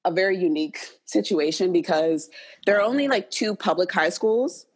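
Young woman, husky voice, lowish pitch, chatty storyteller, podcast guest. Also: normal speed. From Bermuda. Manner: chatty storytelling with many likes. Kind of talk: casual chat.

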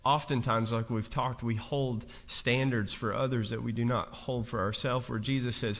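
A man's voice: medium pitch, unhurried, few pauses. A man giving a conversational, jokey sermon as a pastor, asking the congregation questions and often restarting his phrases. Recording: reverberant hall.

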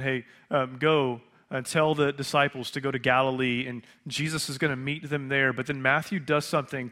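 A man preaching a conversational sermon, asking rhetorical questions and pausing for effect. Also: mid-range voice, fairly bright tone. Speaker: pastor.

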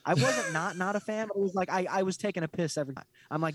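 A man's voice: high-pitched, very fast, fairly bright tone, no echo. Blunt, profane man ranting. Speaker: podcast co-host. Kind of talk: casual chat.

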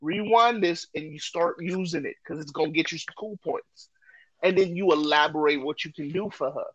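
A man co-hosting a podcast, talking loudly and joking in a casual, animated way. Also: fairly high pitch, moderate pace, no room sound, lo-fi sound. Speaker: podcast co-host.

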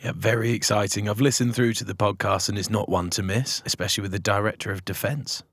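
A man with a gruff, rough-sounding voice, co-hosting a podcast with self-mocking casual chat. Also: fairly low pitch, steady tone, quick pace, fairly bright tone, no echo. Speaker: podcast co-host.

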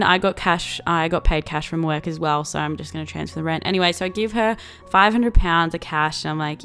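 A woman's voice: sits low, a little fast, fairly bright tone, clean tone, faint music behind. A young Australian woman in her twenties telling a story in a casual vlog, chatty and profane, full of likes and laughing asides. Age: 20s.

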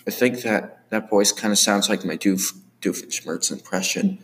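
A man with a fairly low voice talks through his own home-made animated series. He rambles and circles back with lots of fillers. Faint room ambience sits behind him. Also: normal speed, slight background noise. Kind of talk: casual commentary.

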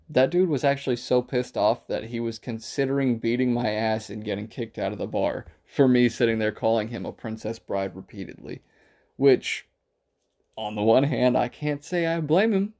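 A man spins a rambling, profane bar story in a casual storytelling voice. His tone is gravelly and dark, with a low rasp under the words. He drifts from point to point and acts out what people said. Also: normal speed. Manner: profane, rambling anecdotal delivery with acted-out quotes.

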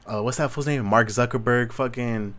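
A man's voice: medium pitch, normal speed, a bit bright. A young adult man, hosting a solo Q&A in a rambling, profane, slang-heavy rant. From Southern California. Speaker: solo Q&A host. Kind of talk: casual rant monologue.

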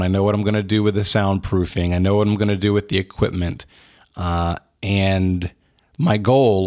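A man hosting a podcast, warmly thanking supporters in a casual, earnest way with frequent restarts. He is recording in an unfinished spare room without soundproofing, with a slight room echo. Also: lowish voice. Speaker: podcast host. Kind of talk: casual thank-you segment.

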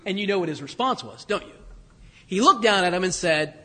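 Male pastor, high voice, chatty sermon delivery with rhetorical asides, long church reverb. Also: lively intonation, fairly quick, a bit bright. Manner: conversational, asks congregation rhetorical questions, self-correcting. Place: church sanctuary.

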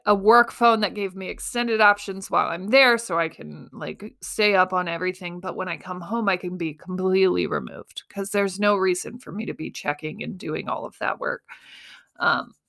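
A woman in her thirties talks through a personal story in a relaxed, conversational way. She laughs often and slips into quick little voices for the people she quotes. Her pitch sits in a middle range for a woman. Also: gravelly. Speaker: podcast host. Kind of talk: casual storytelling.

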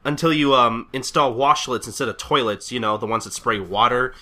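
A man's voice: medium pitch, a little fast, pushed and bright, close to an everyday voice. A man doing a grumpy, fed-up ninja. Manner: crude, fed-up griping. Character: grumpy worn-out male ninja who quits.

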